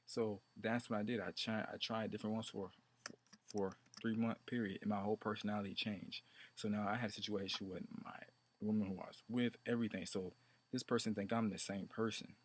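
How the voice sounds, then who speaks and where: A man's voice: fairly low pitch, little pitch movement, fairly quick, a little hiss or hum. A man talking about meditation in a rambling, repetitive way, now and then chanting mantras. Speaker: meditation teacher. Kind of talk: rambling casual monologue.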